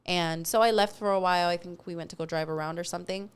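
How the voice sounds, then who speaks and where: A young woman, co-hosting a casual podcast. Her voice sits fairly low and sounds smooth and resonant. She tells stories candidly, swears easily and drops in the odd Spanish word. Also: steady tone, fast talker. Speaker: podcast co-host. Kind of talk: casual chat.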